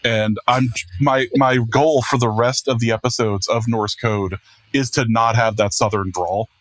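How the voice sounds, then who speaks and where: A man's voice: medium pitch, steady tone, measured pace, fairly bright tone, dry recording. A man hosting a casual podcast, self-deprecating and rambling with restarts. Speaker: podcast host and producer. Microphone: podcast microphone.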